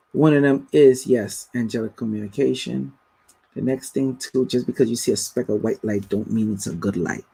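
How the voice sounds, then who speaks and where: A man's voice: medium pitch, gravelly, mellow, slightly rough, low-quality recording. A man hosting a casual spiritual livestream, telling stories and reading viewer comments aloud. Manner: slow, storytelling, reads out viewer comments. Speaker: livestream host answering viewer questions.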